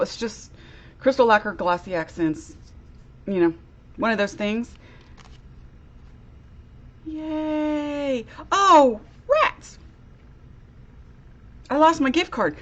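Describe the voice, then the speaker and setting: A woman with a slightly high, cheerful voice hosts a live-streamed craft demo. She chats casually and bubbles along as she greets viewers by name. The stream audio sounds somewhat dull and lo-fi. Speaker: crafter demonstrating a product.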